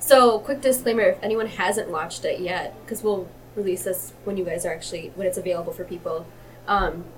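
A woman's voice: on the low side, a little fast, recorded from a distance, low-quality recording. A woman host speaking casually on a podcast, a little away from the microphone. Faint noise hangs in the background. She keeps the talk loose and friendly. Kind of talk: casual chat.

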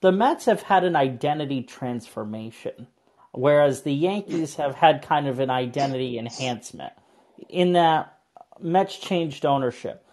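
A man co-hosting a sports podcast, steady and analytical as he moves the conversation along. His pitch is middling and his delivery is conversational, with frequent ums. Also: measured pace. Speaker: podcast co-host. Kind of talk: casual sports chat.

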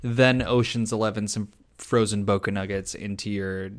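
A man co-hosting a comedy advice podcast, casual and deadpan in his jokes. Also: on the low side, moderate pace. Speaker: podcast co-host.

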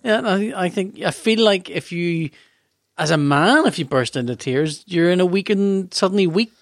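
Jokey man with a higher voice. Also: animated, moderate pace, dry recording, clean studio sound. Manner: jokey, breaks into silly voices. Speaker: podcast co-host. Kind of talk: casual chat.

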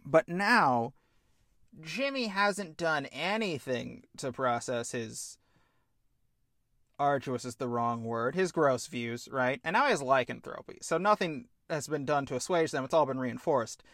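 A man co-hosting a podcast, pitching a film idea in an animated, casual chat and swearing freely. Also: unhurried, no echo, studio quality. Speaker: podcast co-host.

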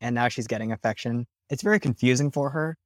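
A man playing a tabletop game, chatty and excitable as he narrates his character. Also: mid-range voice, fast, dry recording, studio quality. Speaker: player.

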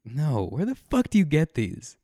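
A man co-hosting a podcast in casual chat, throwing in quick jokes and profanity while he listens. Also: on the high side, wildly swooping pitch, mellow, dry recording, studio quality. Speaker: podcast co-host.

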